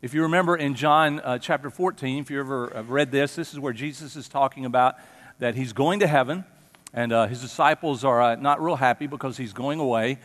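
A man's voice: medium pitch, a little fast, a bit bright, big-room sound. A pastor preaching a conversational sermon to his congregation, stopping now and then to put questions to them. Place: church sanctuary.

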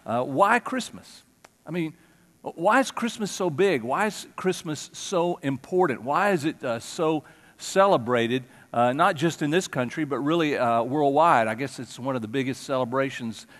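A man's voice: fairly high pitch, fairly bright tone, big-room sound. A pastor preaching a conversational sermon to his congregation, stopping now and then to put questions to them. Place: church sanctuary.

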